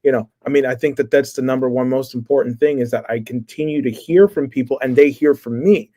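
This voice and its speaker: A man who is a congressional candidate, answering interview questions in an earnest, measured, explanatory way. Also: mid-range voice, warm tone. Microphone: remote stream call.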